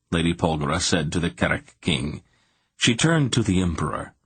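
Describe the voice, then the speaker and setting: Deep husky male audiobook narrator. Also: lively intonation, moderate pace, fairly bright tone, no room sound.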